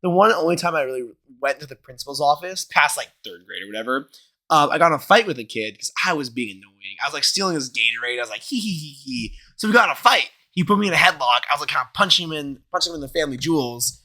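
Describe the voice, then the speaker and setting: A young man co-hosts a casual podcast, his fairly high voice swinging up and down as he tells stories. He has a bright, forward tone and breaks into goofy voices. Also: fast. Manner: animated storyteller, jumps into silly voices. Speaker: podcast co-host. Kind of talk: casual chat.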